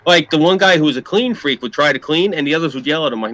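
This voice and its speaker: Bright-voiced New York man telling stories. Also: fairly high pitch, expressive, quick pace. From New York City area. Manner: profane, rambling, joking. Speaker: podcast host. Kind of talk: casual storytelling chat.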